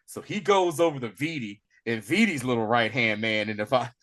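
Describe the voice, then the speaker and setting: A man's voice: medium pitch, normal speed. A man co-hosting a podcast, casually recapping an episode and acting out the characters. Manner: animated storytelling, acts out characters. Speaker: podcast co-host.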